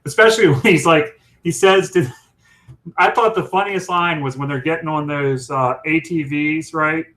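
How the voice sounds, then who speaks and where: A man's voice: on the high side, normal speed, a bit bright, poor audio. A man co-hosting a casual chat show, talking in a rambling, chatty way. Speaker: co-host.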